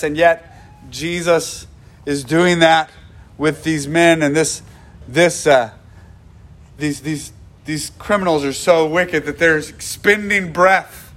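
A man's voice: a little high, fairly bright tone. A male pastor delivering a sermon in an earnest voice, repeating phrases for emphasis and often restarting his sentences.

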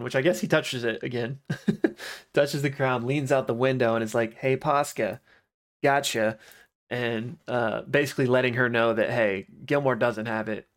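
A man's voice: mid-range voice, a bit bright. Male podcast host, casual recapper, mid-range voice, easygoing filler-heavy delivery. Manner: loose retelling with many fillers.

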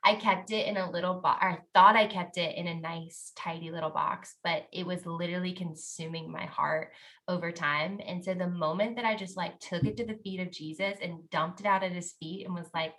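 A woman with a bright, forceful tone and a lowish voice tells a candid faith story. She is earnest and animated, and she laughs easily as she talks. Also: moderate pace. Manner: earnest and animated, heavy use of "like", laughs often. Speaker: podcast guest.

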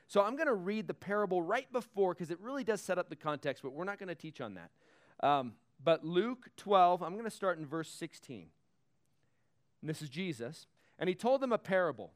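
Guy preaching, chatty and jokey, reads bible verses, bit higher voice. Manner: conversational, joking, reads scripture aloud. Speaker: pastor. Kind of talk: sermon.

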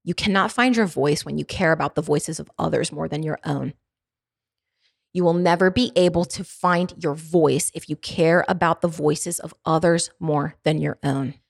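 A woman with a Baltimore accent talks straight to her listeners in an earnest, faith-driven pep talk. Her voice sits a little low, and she repeats her points and stumbles into restarts. The sound is dry and close, with no room around it. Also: moderate pace, gravelly, no echo. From Baltimore, USA. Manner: earnest, emphatic, repeats phrases for effect; stumbles and restarts, laughs between thoughts. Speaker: podcast host. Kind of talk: motivational faith-based monologue.

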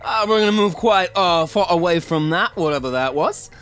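A podcast co-host putting on a Cockney accent, hesitant and chatty with many fillers. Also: male voice, high voice, animated, moderate pace, fairly bright tone, clear, resonant tone, faint music behind. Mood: casual. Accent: mock Cockney. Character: laid-back Cockney mate.

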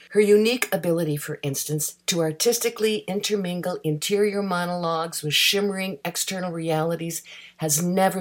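A woman presenting a readers' theatre program with a scripted, lightly humorous introduction. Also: deep voice.

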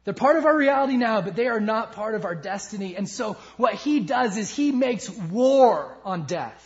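Man preaching a sermon, high voice, impassioned, rising and hushing, dull lo-fi sound. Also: lively intonation, moderate pace. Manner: impassioned preaching, swinging between loud emphasis and hushed lines. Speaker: pastor.

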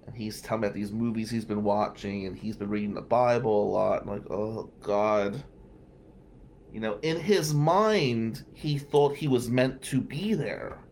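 A man's voice: on the low side, moderate pace, few pauses, darkish tone, a little hiss or hum. A man casually telling a personal story in a sardonic, rambling way, full of wry asides.

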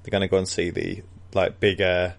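A man with a lowish voice co-hosts a relaxed book chat. He laughs often and slips into playful quoted voices as he retells scenes. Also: a little fast, vocal fry. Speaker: podcast co-host. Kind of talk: casual book discussion chat.

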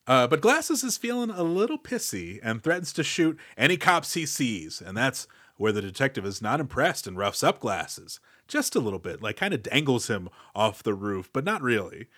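Animated, joking man on a podcast. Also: mid-range voice, moderate pace, few pauses, dry recording, studio quality. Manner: animated, jokey, recaps plot with playful asides. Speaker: podcast co-host. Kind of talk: casual movie podcast chat.

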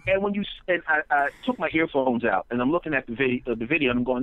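A man guesting on a comedy podcast who tells excitable stories, trips over restarts, and slips into voices. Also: medium pitch, fast, few pauses, dry recording, phone-quality sound. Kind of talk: animated storytelling on a comedy podcast.

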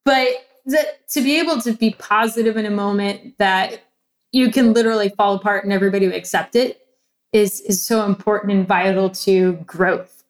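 A woman's voice: mid-range voice, normal speed. Candid woman telling her story. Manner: candid, animated storytelling with laughs. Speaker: guest. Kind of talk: casual interview, personal story.

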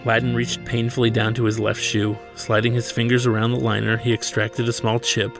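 A man, the author, reading his own novel aloud in a steady, measured way. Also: medium pitch, vocal fry, music in the background.

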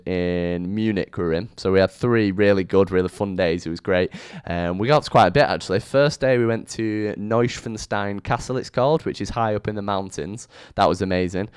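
A young man hosting his own podcast, chatting casually with a rambling, lively intonation into a microphone. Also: lowish voice, smooth, no echo, studio quality. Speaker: podcast host. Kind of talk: casual solo podcast monologue. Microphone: studio microphone.

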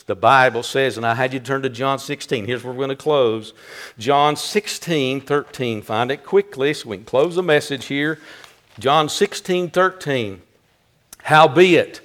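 A man's voice: medium pitch, fairly bright tone. A man, preaching a sermon as pastor, emphatic and repetitive, building into fervent exclamations. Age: 60s.

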